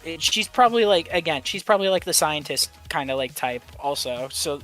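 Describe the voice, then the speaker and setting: A player in a tabletop game rambles casually at a mid pitch, scattering "like" through every sentence. Faint music plays behind the talk. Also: animated, a little fast, a bit bright, poor audio. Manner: rambling with many likes.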